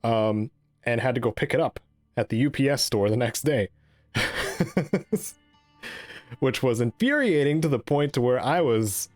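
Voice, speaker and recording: A man's voice: mid-range voice, animated, measured pace, pauses often, a little mellow, no echo, soft background music. A man co-hosting a gaming podcast in casual chat, rambling with many ums and restarts. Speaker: podcast co-host.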